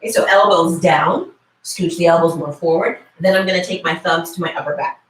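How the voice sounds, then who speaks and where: A woman teaching yoga, giving calm step-by-step cues and often checking in with "right?". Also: fairly low pitch, brisk. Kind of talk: guided yoga instruction. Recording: echoey room from far off.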